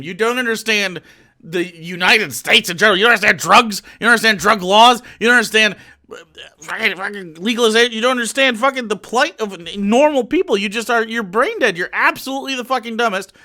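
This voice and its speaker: A man streaming a reaction to a podcast, sarcastic and profane, swinging between mocking asides and shouted outbursts. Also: high-pitched, animated, brisk. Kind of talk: ranting reaction commentary.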